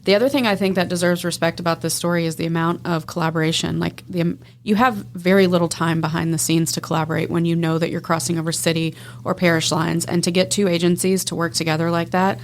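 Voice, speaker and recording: Co-hosting a crime podcast, a Texas woman reads news headlines aloud and chats about each one in a conversational way. Her fairly low voice moves little in pitch and runs at a quick pace with hardly any pauses, against slight background noise.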